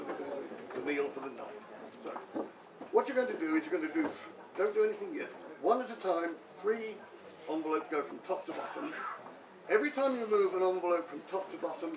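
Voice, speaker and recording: An older man performing magic tricks for a live audience, talking through each step in jokey patter and often chuckling at his own gags. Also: high voice. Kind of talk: comic magic-show patter. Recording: echoey room, distant mic, background noise.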